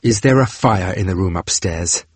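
A man's voice: low voice, moderate pace, husky, no echo. A man voicing a cold, stern scientist. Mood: tense. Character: cold, reluctant male scientist. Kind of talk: audiobook dialogue.

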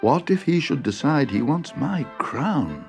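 A man's voice: on the high side, sing-song, unhurried, gravelly, darkish tone, faint music behind, pitched above the performer's own voice, exaggerated voice. A man voicing a scheming, fearful king in a storybook reading. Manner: muttering to himself.

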